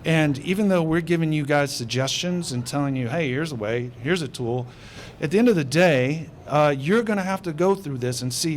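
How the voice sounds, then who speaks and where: A man's voice: on the high side, moderate pace, slight background noise. A man filmmaker on a panel giving writing advice in a rambling, conversational way.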